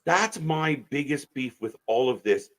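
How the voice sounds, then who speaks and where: A man's voice: mid-range voice, animated, a little slow. A man co-hosting a live wrestling watch-along, blunt and disgusted, swearing heavily. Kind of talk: profane live commentary chat.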